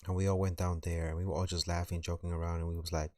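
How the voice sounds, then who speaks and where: Deep-voiced New man telling a story. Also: flat delivery, quick pace, mellow, no room sound, studio quality. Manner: rambling, filler-heavy, slangy. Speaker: streamer. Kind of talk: casual storytelling on a live stream.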